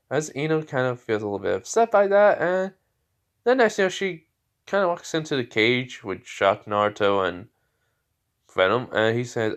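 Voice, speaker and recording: A man's voice: medium pitch, very animated, normal speed, clear, resonant tone. A man improvising a fan story aloud, rambling and stopping and restarting as he goes. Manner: rambling, many fillers and restarts.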